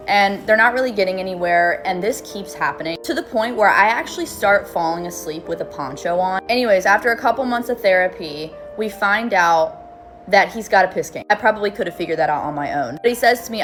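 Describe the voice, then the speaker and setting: A woman's voice: mid-range voice, normal speed, faint music behind. A young woman casually telling a comic personal story to camera in a blunt, candid way. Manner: candid, blunt, lively retelling with swearing.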